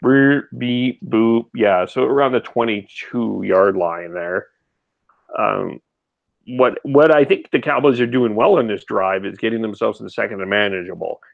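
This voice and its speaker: A man's voice: lowish voice, normal speed, gravelly, no room sound, phone-quality sound. A man co-hosting a live football reaction stream, chatting easily with dry jokes. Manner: easygoing, dry jokes, hesitant restarts. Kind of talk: casual sports chat.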